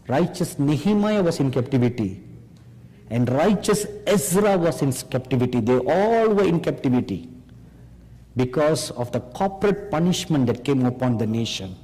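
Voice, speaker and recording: A man preaching a sermon, slow and emphatic, pressing his listeners with rhetorical questions. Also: mid-range voice, warm tone, slightly rough. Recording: long hall reverb.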